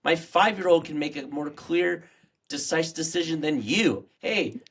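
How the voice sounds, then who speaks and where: A man's voice: a little high, normal speed, noisy background. A man co-hosting a podcast in casual chat, blunt and swearing as he gets fired up. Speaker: podcast co-host.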